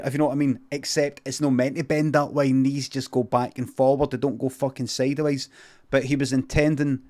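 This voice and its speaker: A man with a Scottish accent improvising a comic story in a deadpan, rambling, sweary way. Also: mid-range voice. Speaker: comedian streamer.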